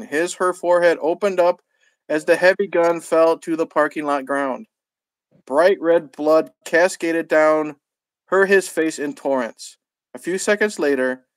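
A man with a fairly high voice reads a crude comedy story aloud for a podcast. His delivery is irreverent and loose, broken by cussing asides. The sound is dry and close, with no room around it. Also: dry recording, poor audio. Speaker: podcast host.

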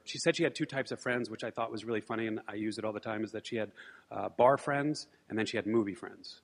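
A man's voice: fairly low pitch, fast, vocal fry, in a large hall. A man telling a personal story in a rambling way, restarting sentences and dropping wry asides. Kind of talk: live storytelling monologue.

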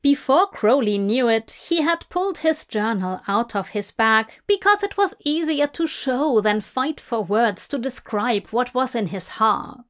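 A woman reading a story aloud in an unhurried, even narration. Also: fairly high pitch. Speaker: fanfiction reader. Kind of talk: audiobook narration.

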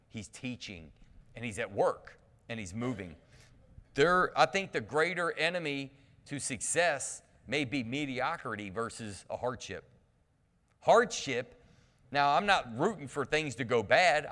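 A male pastor giving a sermon, telling camp stories with humor and calling out to the congregation. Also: medium pitch. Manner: lively storytelling with humor and call-outs to the congregation. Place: church sanctuary. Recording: long reverb of a church hall.

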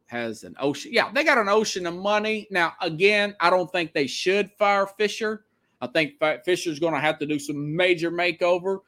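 Man, sports talk host, rambling, opinionated, a bit high-pitched. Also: a bit bright.

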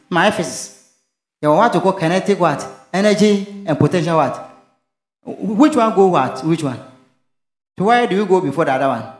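In a roomy-sounding space, a man with a high voice delivers a sermon as pastor. He asks questions that the congregation completes, sprinkling local phrases into the call-and-response.

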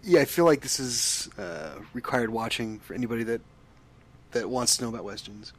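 A man's voice: medium pitch, a little fast, vocal fry, a little hiss or hum. Hesitant man chatting on a podcast. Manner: hesitant, lots of ums and restarts. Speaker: podcast co-host. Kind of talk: casual movie podcast chat.

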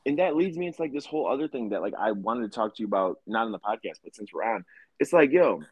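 A man's voice: mid-range voice, fast talker, breathy edge, no room sound, lo-fi sound. A man co-hosting a podcast, chatting casually and profanely, acting out quotes as he tells stories. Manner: profane, animated storytelling with put-on quotes. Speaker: podcast co-host. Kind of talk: casual chat.

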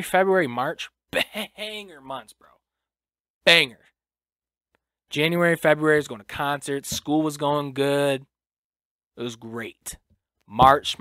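A man's voice: medium pitch, fairly bright tone, dry recording. Casual young man on a podcast. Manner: casual, swears freely, lots of fillers and restarts. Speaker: podcast host. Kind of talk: casual solo podcast monologue.

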